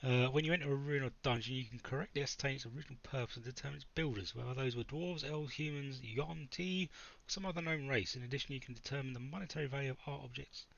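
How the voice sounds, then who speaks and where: A man's voice: medium pitch, fast talker, creaky, hardly any pauses, fairly bright tone, dull audio. A man playing a tabletop game who jokes and swears casually. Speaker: player.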